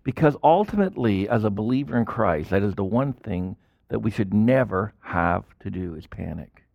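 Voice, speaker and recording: A man preaching a sermon as a pastor, in animated style with sudden loud bursts and quiet drops. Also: lowish voice, normal speed, vocal fry, no room sound, highs cut off.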